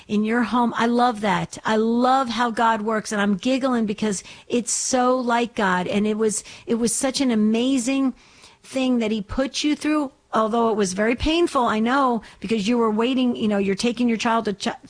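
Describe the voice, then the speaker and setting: Woman, radio host, slightly high voice, effusive, affirming, many restarts. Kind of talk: live call-in radio talk.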